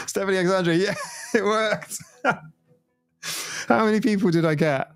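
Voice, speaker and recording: A man's voice: high voice, normal speed, long pauses, clean tone, dry recording, studio quality, soft background music. A British man chatting casually on a livestream from home, rambling and laughing often. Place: at home, watching his stream on a TV.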